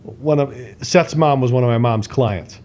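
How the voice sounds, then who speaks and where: A man's voice: mid-range voice, unhurried, darkish tone, highs cut off. A man co-hosting a podcast, telling a casual story animatedly, acting out voices and swearing now and then. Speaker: podcast co-host.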